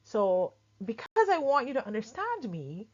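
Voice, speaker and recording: A woman from Barbados with a lightly softened Barbadian accent, chatting casually as she explains, full of quick examples and asides. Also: fairly high pitch, huge pitch swings. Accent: Barbadian, softened for clarity. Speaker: culture explainer host. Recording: dull lo-fi sound.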